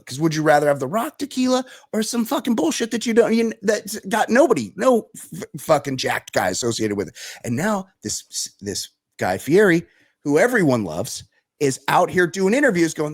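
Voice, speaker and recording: A man's voice: on the high side, sing-song, normal speed, slightly rough. A man co-hosting a podcast, ranting in casual chat with lots of profanity. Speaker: podcast co-host.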